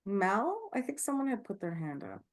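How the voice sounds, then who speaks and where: A woman's voice: mid-range voice, huge pitch swings, moderate pace. A woman midwife speaking passionately and candidly on a video call, with many fillers and restarts. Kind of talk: online talk Q&A, casual.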